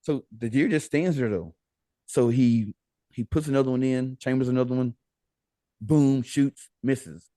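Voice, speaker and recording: An American man as a podcast guest, telling a story in a casual, animated way, laughing and acting out the dialogue. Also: medium pitch, a little slow, dry recording.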